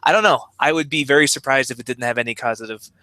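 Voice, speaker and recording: Man co-host, bright tone, earnest and argumentative in casual talk. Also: mid-range voice, fast talker, dry recording. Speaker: podcast co-host. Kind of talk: casual chat.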